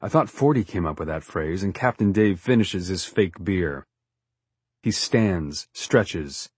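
A man's voice: low voice, lively intonation, measured pace, slightly rough, dry recording. A man reading a first-person story aloud in a wry, dry storytelling manner. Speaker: audiobook narrator. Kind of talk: scripted first-person narration.

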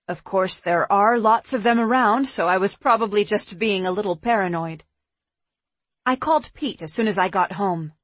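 A woman narrating a first-person audiobook in an even, measured reading. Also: medium pitch, no echo.

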